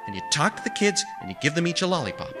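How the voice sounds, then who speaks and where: A man voicing an impatient, brusque male store manager who talks in rapid, exasperated bursts. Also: fairly high pitch, very animated, voice pushed up. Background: music.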